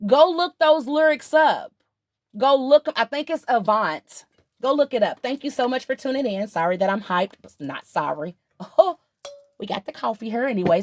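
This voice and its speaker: A woman giving a tarot reading to her camera, fairly high-pitched and bubbling over with excitement. She talks in quick, animated bursts. Her voice comes through dry and close. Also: no room sound. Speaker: tarot reader.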